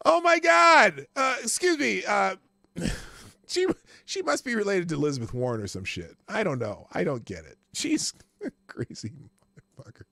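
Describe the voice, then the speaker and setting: A man's voice: high-pitched, sing-song, normal speed, gravelly, pushed and bright, no echo, clean studio sound. A male host giving casual live commentary, crude and mocking, often breaking into laughter.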